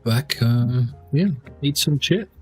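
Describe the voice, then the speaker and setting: A man's voice: mid-range voice, takes it slowly, husky, soft background music. A man casually commenting on a game he is playing, muttering to himself and talking while eating. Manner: relaxed, talks with his mouth full while eating. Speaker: gaming streamer.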